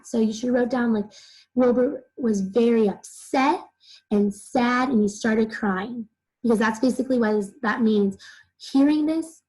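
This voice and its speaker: High, breathy-voiced woman teacher. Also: darkish tone, low-quality recording. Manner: explains simply, uses many "like" fillers. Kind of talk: recorded reading lesson for children.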